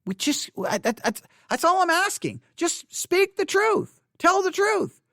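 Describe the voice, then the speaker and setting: A man's voice: very high voice, very animated, unhurried, fairly bright tone, no echo, clean studio sound. A man hosting a podcast, giving impassioned commentary in an earnest, pleading way and repeating phrases for emphasis. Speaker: podcast host. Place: home studio in Texas.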